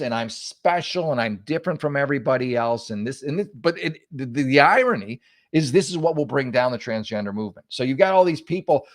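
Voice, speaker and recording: A man's voice: fairly high pitch, no echo, clean studio sound. A man hosting a solo talk show, ranting in a mocking, sarcastic way with frequent restarts and stammers. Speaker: host. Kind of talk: solo political talk show, casual rant.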